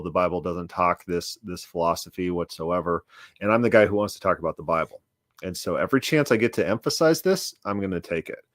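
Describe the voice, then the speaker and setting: A man's voice: sits low, no room sound, studio quality. A man casually looking back on a debate he took part in, stumbling over and repeating words while bluntly dismissing his opponent. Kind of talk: casual commentary.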